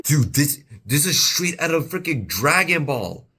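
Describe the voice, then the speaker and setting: A young man giving casual reaction commentary, excitable and rambling, with slangy exclamations, recorded on an earbud mic. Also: fairly high pitch, measured pace, hardly any pauses, breathy edge. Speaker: reaction video host. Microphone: wireless earbud mic.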